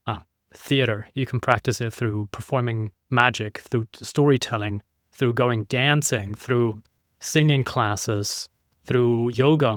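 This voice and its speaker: A man talking as a podcast guest in a relaxed, conversational way, acting out his points by shifting his voice up and down. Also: medium pitch, no room sound, clean studio sound. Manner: animated, demonstrates inflection by playing with his voice. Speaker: podcast guest, keynote speaker.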